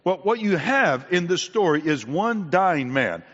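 A man preaching a sermon, repeating his main points and often clearing his throat. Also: high voice, big pitch swings, a little slow, a bit bright. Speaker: pastor. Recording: dull sound with long hall reverb.

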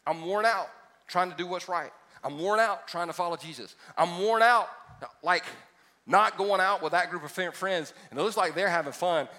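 A male pastor with a high voice preaches to his congregation, mixing comic storytelling with fervent calls to believe. His tone rings bright and forceful, carried by the long reverb of a big church hall. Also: normal speed. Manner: humorous storytelling, rising to emphatic exhortation. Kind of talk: sermon. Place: church auditorium before a congregation.

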